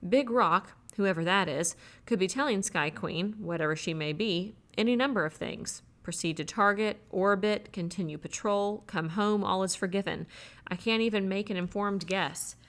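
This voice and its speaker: A woman reading a novel aloud as an audiobook, in an even, measured way, voicing the characters' lines herself. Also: mid-range voice. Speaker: audiobook reader. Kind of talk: audiobook narration.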